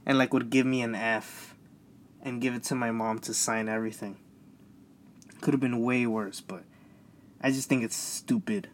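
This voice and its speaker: A man's voice: mid-range voice, fairly even intonation, moderate pace. A young man rambling in a casual solo podcast, stammering and repeating himself, frustrated and venting. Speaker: podcast host.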